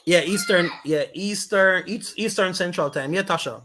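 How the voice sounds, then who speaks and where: A man's voice: high-pitched, normal speed, bright, forceful tone. A man with a Jamaican accent hosting a casual live stream, reading viewer comments aloud and greeting people by name.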